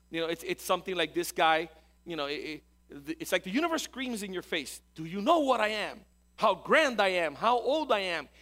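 A man preaching a sermon in an emphatic, sarcastic way, with loud peaks for emphasis. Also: on the high side. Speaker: pastor.

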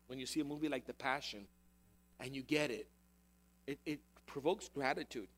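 A man's voice: mid-range voice, moderate pace, pauses often, a bit bright. A man preaching a sermon, emphatic and repetitive, posing rhetorical questions to the congregation. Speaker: pastor.

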